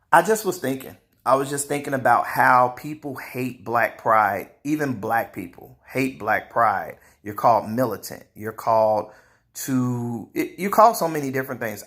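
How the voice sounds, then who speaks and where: A man talking straight to his viewers in a casual opinion monologue, animated, laughing often and repeating words. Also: mid-range voice. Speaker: vlogger.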